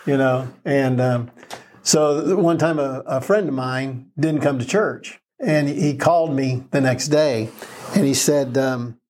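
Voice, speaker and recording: A pastor talking earnestly in a casual faith chat, telling stories and chuckling softly now and then. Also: male voice, mid-range voice, unhurried. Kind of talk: conversational faith talk.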